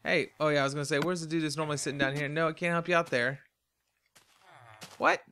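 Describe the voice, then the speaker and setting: A man's voice: a little high, fairly even intonation, fast, bright, forceful tone. A tired man hosting a game let's play, rambling chattily to himself in casual commentary as he plays. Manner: rambling, chatty, talks to himself while playing. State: tired and yawning.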